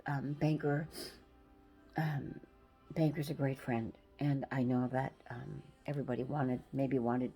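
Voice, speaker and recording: An older woman giving a halting, emotional farewell message, close to tears, with many pauses and restarts. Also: extremely low pitch, little pitch movement, mellow, faint music behind, poor audio.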